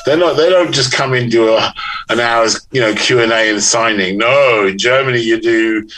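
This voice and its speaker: A man's voice: medium pitch, moderate pace, a bit bright, rough recording. A middle-aged man from London with a London accent, a chatty author guest in a casual interview who laughs often and restarts his sentences. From London, England.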